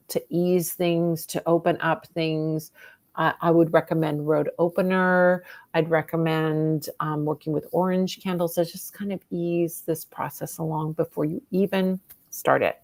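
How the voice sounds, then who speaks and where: Gravelly low-voiced woman reading tarot. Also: fairly even intonation, a little slow, a little mellow, dry recording. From California. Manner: chatty, encouraging, gives advice. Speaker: tarot reader, host. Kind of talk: casual livestream tarot reading.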